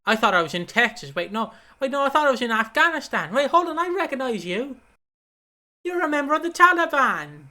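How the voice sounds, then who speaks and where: A man's voice: very high-pitched, sing-song, unhurried, long pauses, pitched above the performer's own voice, exaggerated voice. A man doing a ranting old wrestling boss. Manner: mocking impression, rising and shouty.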